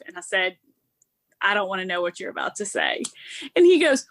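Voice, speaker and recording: A woman's voice: on the high side, big pitch swings, brisk, fairly bright tone, dry recording. A young woman hosting a podcast, telling stories in casual chat with frequent giggles. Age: young adult. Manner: chatty storyteller, giggly, Southern "y'all". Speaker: podcast host.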